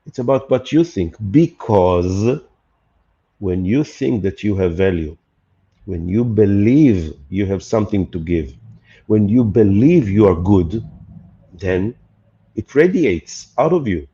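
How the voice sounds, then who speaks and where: A man talks as a podcast guest, pressing his points with rhetorical questions and little acted-out quotes. His voice is warm and mellow. The recording sounds a little dull and lo-fi. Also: on the low side, animated, takes it slowly. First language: Hebrew. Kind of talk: animated conversational podcast talk.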